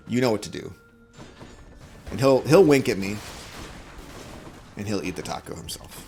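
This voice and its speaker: A man's voice: lowish voice, a little hiss or hum. A man streaming a video game, chatting casually with viewers in a rambling, jokey way and chuckling at his own jokes into a desk microphone. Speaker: gaming streamer.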